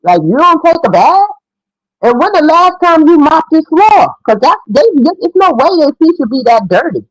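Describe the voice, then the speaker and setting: A woman's voice: high voice, sing-song, normal speed, no echo, rough recording. Middle-aged lady ranting her opinion, chatty and frank, dry close sound. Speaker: commentator. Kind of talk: casual commentary.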